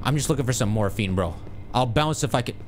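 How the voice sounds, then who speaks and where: Excitable man yelling through a horror game. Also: medium pitch, fast talker, slight background noise. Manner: excitable, jokey, yells at the game. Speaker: gaming streamer. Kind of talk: casual let's-play commentary.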